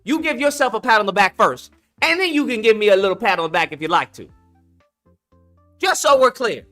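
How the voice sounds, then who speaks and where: A man's voice: sits high, expressive, a little fast, sharp tone, soft background music. A man hosting a live call-in stream, blunt and emphatic, slangy, repeating his points for effect. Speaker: livestream host. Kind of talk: casual commentary with callers.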